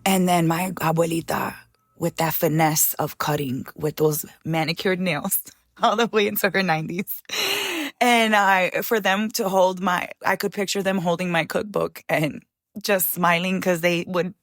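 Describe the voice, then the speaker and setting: An older woman in an interview, a chef and author speaking in a heartfelt, halting way, close to tears at moments. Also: fairly low pitch, fairly even intonation, dry recording. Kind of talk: emotional interview conversation.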